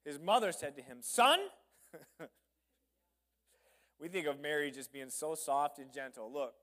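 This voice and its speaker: A man's voice: a little high, fairly quick. A male pastor preaching a sermon, reading scripture and adding humorous, conversational asides.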